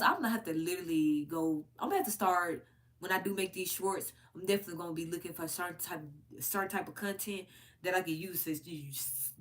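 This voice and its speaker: A woman hosting her own commentary channel, ranting bluntly and profanely to her viewers, her pitch leaping high whenever she gets worked up. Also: a bit bright. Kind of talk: unscripted rant to camera.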